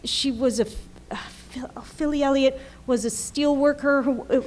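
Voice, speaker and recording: A woman's voice: sits high, fairly even intonation, measured pace, a little mellow. Chatty woman writer, laughing often. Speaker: TV writer on a convention panel. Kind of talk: panel discussion. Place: convention panel room.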